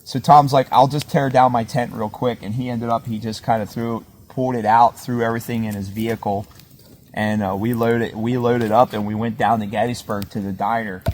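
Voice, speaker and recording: A man's voice: lowish voice, flat delivery, a little fast, a little hiss or hum. A man hosting a podcast, telling a rambling campfire story with lots of fillers and chuckles, outdoors at a winter camp. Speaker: podcast host. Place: outdoors at a winter campsite by a fire.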